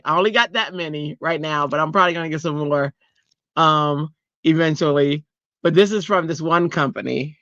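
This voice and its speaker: Bright, excitable woman streaming live. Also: low-pitched, a little fast, dry recording, dull audio. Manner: excitable and chatty, often bursting into giddy squeals. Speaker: craft livestream host. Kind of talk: casual live chat to viewers.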